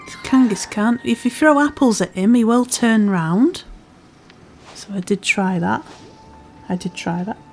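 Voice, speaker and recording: Woman, Scouse-Welsh accent, gaming host, chatty let's-play commentary, mid pitch, quiet game music behind. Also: a little slow. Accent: part Scouse, part Welsh. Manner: chatty, self-deprecating, talking to herself while playing.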